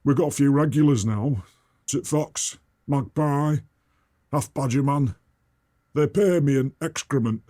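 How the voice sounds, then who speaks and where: A man doing a slow, deadpan northern cook. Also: mid-range voice, no room sound, clean studio sound, voice pushed up, lightly acted. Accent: Northern English. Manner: slow, flat and deadpan, dropping words to a clipped "t-". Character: dim northern male soup cook, slow and blunt. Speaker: guest character.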